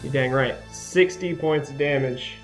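A man with a medium-pitched voice plays a tabletop role-playing game, animatedly describing what his character does, restarting quickly and laughing. Faint music plays behind him.

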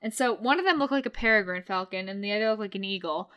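Bright-voiced woman rambling thru a story, keeps fixing her words. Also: mid-range voice, quick pace, clear, resonant tone, dull audio. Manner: rambling, self-correcting storyteller. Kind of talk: casual chat recapping a show.

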